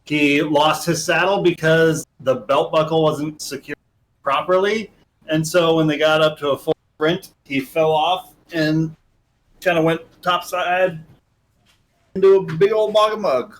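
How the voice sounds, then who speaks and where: A man running a tabletop game as game master, narrating in a casual, halting way. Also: on the high side, steady tone, rough recording.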